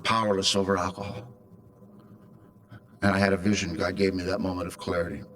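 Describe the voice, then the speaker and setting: Low-voiced man telling a raw story. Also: little pitch movement, very fast. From California. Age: 50s. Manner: raw, darkly humorous storytelling. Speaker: recovery meeting speaker. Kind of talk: personal story told to a convention audience.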